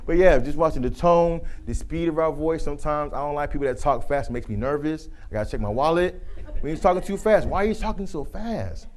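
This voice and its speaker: Man presenting a lively leadership talk. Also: a little high, quick pace. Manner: animated storytelling, acting out quoted voices. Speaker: workshop presenter; youth football coach. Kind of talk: live leadership talk to a group.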